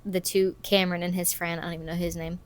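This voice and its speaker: Fast and flat in delivery, a lowish-voiced woman in her thirties co-hosts a podcast recapping a movie. She keeps it casual, giggling as her sentences trail off.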